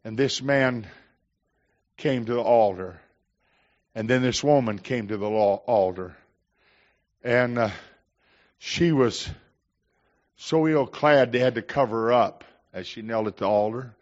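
A man's voice: mid-range voice, measured pace, long pauses. An older man preaching a sermon, telling folksy stories and rising into emphatic declarations. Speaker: pastor. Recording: slightly dull, muffled recording.

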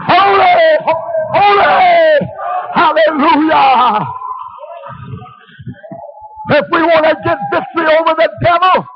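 A male preacher delivering a fervent sermon, shouting many phrases and breaking into hallelujahs. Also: very high voice, a little slow, long pauses, a crowd in the background, noisy background. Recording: dull lo-fi recording.

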